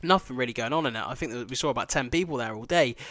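Fast-talking sweary male podcaster. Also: mid-range voice, a bit bright, no room sound. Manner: sweary, rambling, laughing asides. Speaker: podcast host. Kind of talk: casual travel storytelling.

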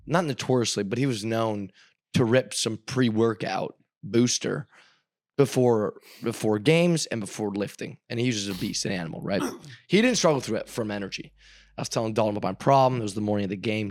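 A man's voice: medium pitch, dry recording, studio quality. A young man co-hosting a podcast, telling a rambling story in casual chat and acting out the quotes. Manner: rambling, repeats words, acts out quotes. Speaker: podcast co-host.

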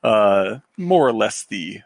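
Gravelly, husky man rambling about films. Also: lowish voice, sing-song, slow pace, no echo. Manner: rambling, swearing, laughing often. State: voice worn out. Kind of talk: casual chat about old films.

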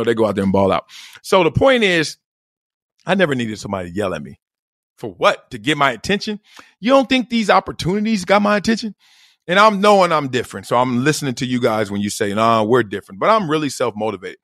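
A middle-aged man hosting a solo podcast, talking in slang, laughing often and acting out quotes with sudden loud bursts. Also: dry recording, studio quality. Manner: animated, acts out quotes with big jumps in pitch and loudness. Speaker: podcast host. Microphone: close studio mic.

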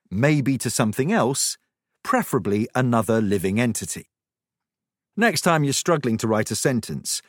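Lively, instructive male narrator. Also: mid-range voice, no echo, clean studio sound. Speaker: writing instructor. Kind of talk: scripted narration.

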